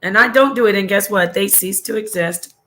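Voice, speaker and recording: A middle-aged woman hosting a casual livestream, reading her chat and talking warmly, often trailing off and restarting her sentences. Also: mid-range voice, a little fast. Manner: chatty, affectionate, trailing off and restarting. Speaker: livestream host.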